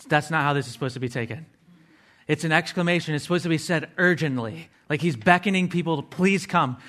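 Preaching a sermon, a man with a somewhat high, slightly bright voice earnestly explains the meanings of words one at a time, step by step. Along the way he tosses casual asides to his listeners.

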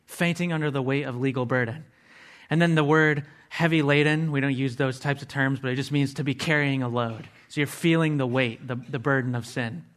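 A man's voice: mid-range voice, steady tone, brisk, a bit bright. A man preaching a sermon, earnestly explaining word meanings step by step and adding casual asides to his listeners.

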